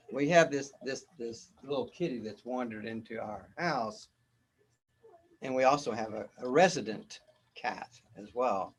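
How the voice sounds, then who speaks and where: A man's voice: medium pitch, unhurried, slightly rough. Rambling man giving a spiritual talk. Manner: rambling, repeats words, chuckles often. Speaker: spiritual teacher.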